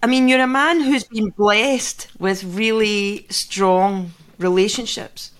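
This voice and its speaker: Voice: mid-range voice, slow, fairly bright tone, clean tone. A co-host in a casual chat, rambling through searching questions with many fillers. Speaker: podcast co-host.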